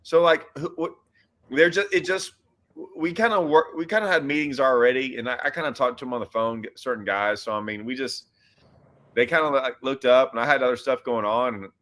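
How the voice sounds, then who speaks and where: A man's voice: medium pitch, fairly quick, fairly bright tone. A man hosting a casual fishing chat, rambling with restarts and loose asides. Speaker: host.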